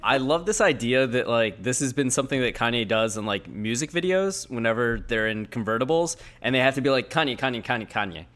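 A man's voice: medium pitch, lively intonation, brisk, hardly any pauses, fairly bright tone. Joking man in a casual podcast chat. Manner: joking, hesitant restarts.

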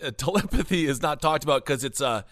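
A man voicing a skeptical male courtroom lawyer, asking questions in a hesitant, deadpan way. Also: fairly high pitch, fast talker, no room sound, studio quality.

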